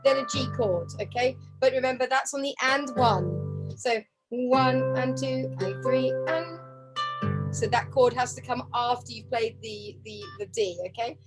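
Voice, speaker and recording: A woman's voice: a little high, a little slow, over loud music, low-quality recording. A woman teaching a harp group over a video call, counting beats aloud and humming the tunes. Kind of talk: online group music lesson. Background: harp playing.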